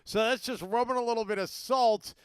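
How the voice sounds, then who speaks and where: A man's voice: very high voice, steady tone, fairly quick, clean tone, dry recording, studio quality. A man hosting a sports talk radio show in casual chat, rambling and restarting his sentences. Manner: rambling, self-interrupting, many restarts.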